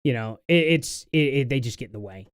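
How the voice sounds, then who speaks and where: A man's voice: mid-range voice, animated, a little fast, clean tone, dry recording, studio quality. A young adult man hosting a casual live stream, talking in a tired, rambling, sarcastic way.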